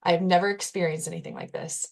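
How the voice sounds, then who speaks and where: Earnest woman, low voice, candid storyteller. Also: steady tone, fast. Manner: earnest, candid retelling with frequent "like" and restarts. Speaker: podcast guest. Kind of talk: personal storytelling in a podcast interview.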